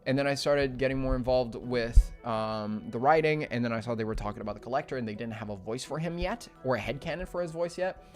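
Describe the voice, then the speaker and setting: A young man streaming casually as an animator, rambling with fillers and swinging from low mumbles to loud, excited yelps. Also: fast, few pauses. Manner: rambling with many fillers and restarts. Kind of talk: casual livestream chat. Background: faint music.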